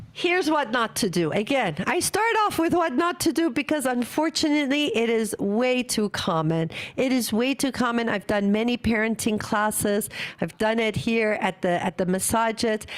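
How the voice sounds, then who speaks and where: A middle-aged woman giving an earnest, animated conference talk on parenting, acting out parents and children as she goes. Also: on the high side. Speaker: parenting speaker.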